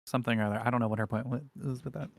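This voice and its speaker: A man's voice: medium pitch, fairly even intonation, rapid-fire, vocal fry, no echo, clean studio sound. Mocking, incredulous male co-host. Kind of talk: casual commentary chat.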